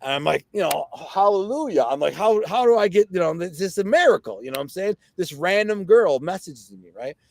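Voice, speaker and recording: A man's voice: fairly high pitch, fairly quick, vocal fry, hardly any pauses, no echo. A man telling his life story as a podcast guest, casually and animatedly, with lots of fillers and restarted sentences. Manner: animated, reenacts others' words.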